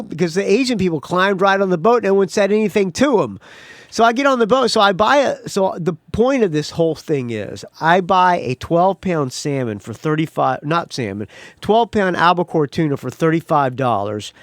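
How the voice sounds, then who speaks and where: Man, podcast host, casual rambling monologue, slightly high voice, very lively pitch, dry close sound. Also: normal speed, dry recording. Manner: rambling storyteller, acts out quotes loudly.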